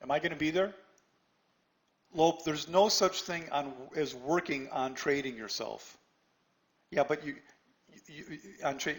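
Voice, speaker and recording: A man teaching trading to an online class in a slightly high voice. He is blunt and pushy, keeps checking with "right?", and trips over his own restarts as he challenges students by name. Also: a little slow, long pauses, a bit bright. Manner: blunt, repeats "right?" often, stammers on restarts. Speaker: trading instructor. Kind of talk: live webinar lesson.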